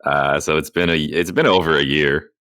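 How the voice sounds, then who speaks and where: A man's voice: extremely low pitch, fairly even intonation, normal speed, sharp tone, no echo. A man co-hosting a podcast, talking in a dry, matter-of-fact casual way. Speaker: podcast co-host.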